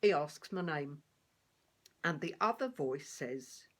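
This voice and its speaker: Wry, rough-spoken blind beggar man, put on by a woman; husky, lively delivery. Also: low voice, takes it slowly, full character voice. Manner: rough-spoken, colloquial storytelling. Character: streetwise blind male beggar, blunt and wry.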